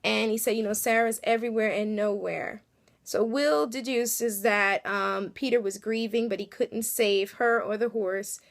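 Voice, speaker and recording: A woman's voice: a little high, fairly even intonation, a little slow, creaky. A woman casually recapping a TV episode, chatty and full of fillers, acting out little reactions as she goes. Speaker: TV episode reviewer.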